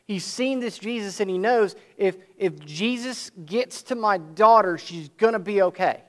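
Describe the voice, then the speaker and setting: A high-pitched man delivers an earnest sermon. He reads passages of scripture and then explains them, drawing out key words and lifting his voice to drive them home. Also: expressive. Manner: earnest preaching, slows and swells for emphasis. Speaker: preacher.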